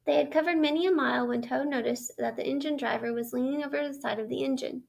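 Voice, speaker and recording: A woman teacher reading a story aloud in a measured storytelling way and asking the listener questions about it. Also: high-pitched, gravelly. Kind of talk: read-aloud lesson narration.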